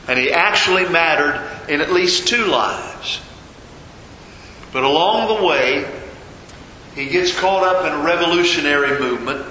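A man preaching a sermon as a pastor, telling a story with dramatic pauses and repetition. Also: on the high side, bright, forceful tone. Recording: echoey hall with long reverb, faint noise.

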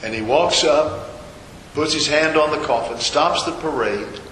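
Man, preacher, slow unhurried sermon, bright clear voice, echoey church hall. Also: fairly high pitch, a little hiss or hum. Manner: storytelling, voices the figures' quoted lines, rhetorical questions.

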